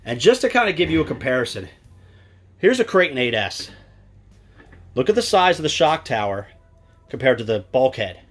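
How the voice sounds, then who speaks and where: A man's voice: medium pitch, sing-song, moderate pace, long pauses. An enthusiastic, chatty man, giving a casual product walkthrough with many fillers. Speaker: RC product reviewer. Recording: music playing underneath.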